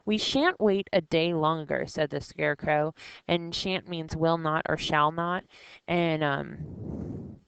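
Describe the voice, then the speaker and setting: A woman's voice: deep voice, a little slow, clean tone, no room sound, rough recording. A woman teaching vocabulary, reading lines from a novel and explaining each word in a casual way with small fillers.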